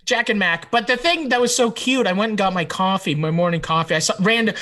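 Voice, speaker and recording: A man chats on his podcast in a high, bright voice. He rambles and tells animated stories in an easygoing way. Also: brisk. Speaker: podcast co-host. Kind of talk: casual podcast chat. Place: hotel room.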